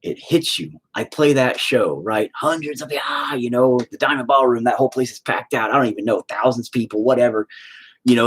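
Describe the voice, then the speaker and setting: A man with a husky, somewhat breathy voice talks openly and at length, drifting from one thought to the next. His speech is loose and profane, padded with "you know" and "like." His pitch sits right in the middle of the usual range for a man. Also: brisk. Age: adult with children. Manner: rambling and profane, full of "you know" fillers. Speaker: podcast host and band vocalist. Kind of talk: casual confessional chat.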